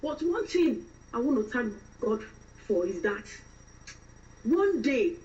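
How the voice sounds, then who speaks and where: A woman's voice: on the high side, sing-song, takes it slowly, a little mellow, recorded from a distance, lo-fi sound. A woman voicing a newly arrived, devout and exasperated Nigerian woman in London, with a Nigerian accent and fervent, preachy exclamations.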